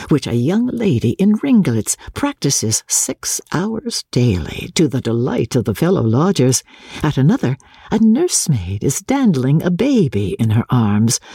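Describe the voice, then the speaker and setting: Brief: theatrical audiobook narrator, lively swooping pitch, breathy tone, dry close mic. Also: no echo. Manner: theatrical, varied reading with soft chuckles. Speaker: audiobook reader. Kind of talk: expressive classic-novel narration.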